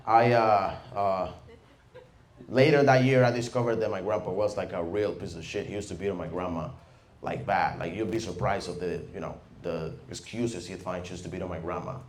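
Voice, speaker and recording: A young Venezuelan man with a Spanish accent performing stand-up with deadpan, self-mocking delivery. His voice sits fairly low, and the club sound is roomy with a faint hiss underneath. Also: moderate pace. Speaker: stand-up comedian. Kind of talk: stand-up set. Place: comedy club stage with audience.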